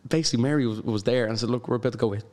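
A young man with an Irish accent, a guest telling stories in an animated way and laughing often. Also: medium pitch, very fast. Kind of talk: casual chat.

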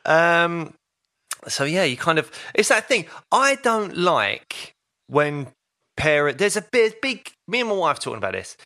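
A man, co-hosting a casual podcast chat over a video call, chatty and quick to laugh. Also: on the high side, sing-song, sharp tone. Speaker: podcast co-host.

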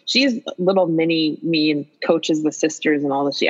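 A woman in her fifties chatting as a podcast guest, an animated storyteller who swears freely. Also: sits low, moderate pace, husky, dull audio. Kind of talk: casual chat.

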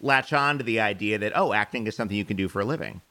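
A man from New York hosting a casual interview, playful and self-deprecating with quick jokes. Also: lowish voice, pushed and bright. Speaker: podcast host.

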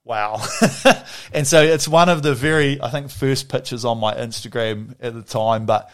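A man's voice: medium pitch, measured pace. A man with a New Zealand accent telling stories in casual chat, rambling and laughing often.

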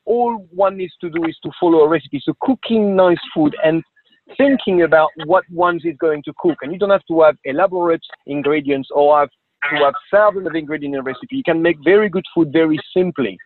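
A man's voice: a little high, brisk. A man guest giving earnest advice in casual chat, repeating words as he thinks. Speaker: podcast guest. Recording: tinny phone line with faint hiss.

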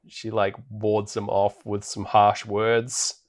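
A man co-hosting a podcast, recapping a film in a relaxed, rambling way with plenty of fillers. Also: lowish voice, slow pace. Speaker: podcast co-host. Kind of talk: casual film recap chat. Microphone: podcast microphone.

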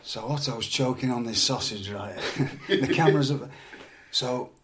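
A middle-aged man from England, a former wrestler, telling animated anecdotes in a casual chat with frequent laughs and repeated words. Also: mid-range voice, a little slow, background noise.

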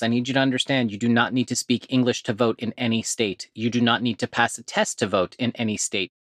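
An earnest male podcast host speaking at a middle pitch, direct and practical. He slows down carefully when he reads out numbers and adds the odd casual aside. The recording is dry and close, with no room sound. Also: a bit bright, no room sound. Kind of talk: informational podcast talk.

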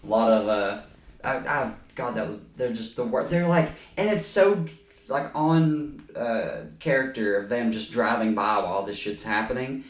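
Man, podcast host, casual film talk, profane ranting, lively swinging pitch, roomy echo. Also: moderate pace, distant mic. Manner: ranting, profane, laughs often. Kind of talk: casual film-review chat. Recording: echoey room, set back from mic.

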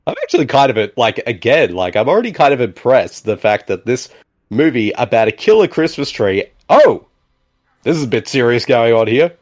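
Man, podcast co-host, middle-pitched, animated delivery, giggly and excitable movie chat. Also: normal speed. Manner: laughs often, excitable and chatty. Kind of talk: casual movie riffing chat.

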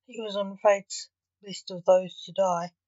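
A woman's voice: medium pitch, steady tone, a little slow, mellow, dry recording, natural voice. A woman voicing a defiant, cocky male necromancer in a storybook reading. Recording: dull, dry recording.

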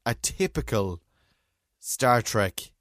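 A chatty, wry man in middle age, talking casually as a co-host. His pitch swings up and down a lot, and the sound is dry and close with no room echo. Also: very animated, slow, fairly bright tone. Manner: chatty, wry, trails off with fillers. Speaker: podcast co-host. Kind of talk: casual chat.

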